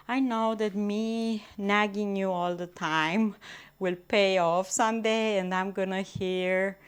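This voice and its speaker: A woman's voice: medium pitch, fairly even intonation, takes it slowly. Winded woman chatting on a live stream. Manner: breathy, chatty, talks to her viewers. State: out of breath. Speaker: livestreamer. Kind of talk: casual live stream chat. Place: home, moving into a kitchen.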